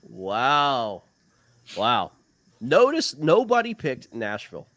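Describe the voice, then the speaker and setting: An upbeat man hosting a casual live stream. His voice sits at a middle pitch and sounds dry and close, with no room around it. He laughs easily and trails into repeated filler words. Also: huge pitch swings, slow, a bit bright, dry recording. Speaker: host, league commissioner.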